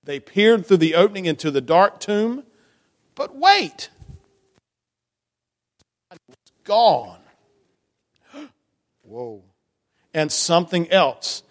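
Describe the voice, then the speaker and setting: Slow, animated man reading a story in church. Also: a little high. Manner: animated, asks the children questions. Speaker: children's message leader. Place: church sanctuary. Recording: long church reverb.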